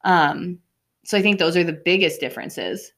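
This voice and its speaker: An earnest woman therapist co-hosts a casual podcast, speaking candidly and dropping the odd swear word. Her voice sits a little low for a woman. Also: moderate pace, fairly bright tone.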